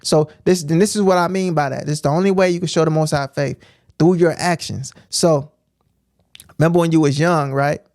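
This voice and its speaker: A man with a fairly high voice gives informal preaching on a livestream, punchy and repetitive, often pausing to ask "right?". His voice is close and dry, with no room sound. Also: steady tone, darkish tone, no echo. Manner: emphatic, repetitive, keeps asking "right?". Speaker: streamer teaching scripture.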